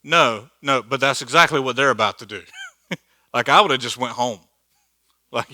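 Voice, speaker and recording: Male Bible teacher, casual and jokey, crisp bright tone. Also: medium pitch, normal speed, long pauses, no room sound. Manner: joking, laughs at his own asides. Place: church hall.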